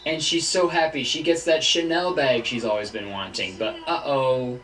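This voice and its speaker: A young man giving jokey, animated commentary on memes, laughing often as he goes. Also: fairly high pitch, moderate pace, echoey room, recorded from a distance, slight background noise, poor audio. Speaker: YouTuber. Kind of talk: casual meme commentary.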